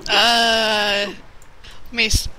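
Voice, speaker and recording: A woman's voice: on the high side, level tone, extremely slow, pushed and bright, slight background noise, rough recording. A woman guesting on a gaming livestream, teasing and playful. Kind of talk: casual voice chat.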